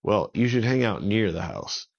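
A man's voice: fairly low pitch, sing-song, normal speed, vocal fry, slightly rough, heavily acted. A man voicing a friendly, sensible troll who helpfully talks through a plan. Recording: dull lo-fi recording.

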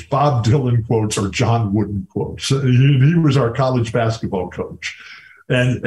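A man's voice: mid-range voice, darkish tone, rough recording. An older man, a former college basketball player, talking as a guest in a casual interview, telling enthusiastic stories with many restarts.

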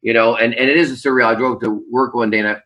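A Canadian man who entertains on the Las Vegas Strip answers an interview question as a guest from his home kitchen, rambling earnestly with many fillers. His mid-range voice is fairly even in intonation, quick, pushed and bright, and the sound is lo-fi.

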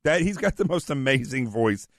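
Chatty Southern radio host with a cold. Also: male voice, mid-range voice, expressive, normal speed, no echo, clean studio sound. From American South. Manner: joking, chatty, plugs his book. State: has a cold. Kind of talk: casual talk radio banter. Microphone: studio microphone.

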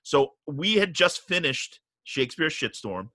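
A middle-aged man tells a story on a podcast, his voice bright and forceful. He swears freely and gets worked up as he talks. The sound is close and dry. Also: fairly high pitch, measured pace, no room sound. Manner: animated, profane, gets riled up. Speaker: guest telling a story.

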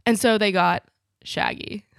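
A woman's voice: medium pitch, fairly even intonation, measured pace, creaky, a bit bright, no echo, clean studio sound. A woman co-hosting a casual podcast chat, explaining plot points in a wry, critical way. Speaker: podcast co-host. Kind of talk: casual chat about a musical.

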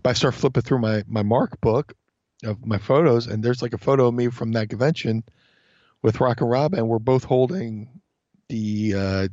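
Storytelling male guest, animated and profane, mid pitch, dull lo-fi recording, dry room. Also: moderate pace, no room sound. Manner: animated, swears a lot, acts out voices in stories. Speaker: podcast guest. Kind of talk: casual storytelling chat. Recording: dull lo-fi sound.

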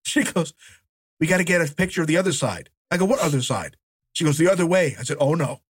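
A man co-hosting a podcast, telling a story in a lively, animated way, acting out voices and laughing as he goes. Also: fairly high pitch, fast, breathy edge. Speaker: podcast co-host. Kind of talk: casual storytelling chat.

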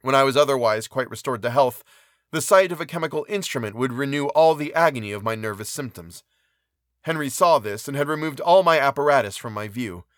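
Man, audiobook narration, measured and even, mid pitch, dry close recording. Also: no room sound. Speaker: audiobook reader. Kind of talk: scripted narration of a classic novel.

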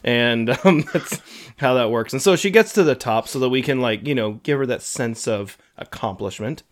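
A man's voice: mid-range voice, normal speed. Rambling man telling a camp story. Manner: rambling, lots of fillers, acts out quotes. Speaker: podcast co-host. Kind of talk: casual storytelling.

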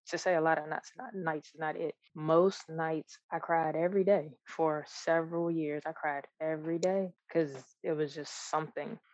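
Low-voiced woman, earnest personal chat, dry slightly muffled recording. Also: dry recording. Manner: reflective, earnest, with frequent restarts and soft laughs. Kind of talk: candid personal conversation.

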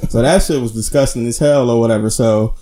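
A man's voice: mid-range voice, a little fast, background noise. A man talking in a laid-back, slangy, profane way in casual chat, full of fillers.

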